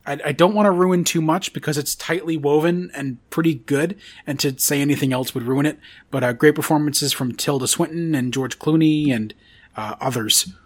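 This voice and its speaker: A man's voice: on the high side, moderate pace. A man hosting a podcast in casual chat, rambling and enthusiastic with lots of fillers. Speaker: podcast host.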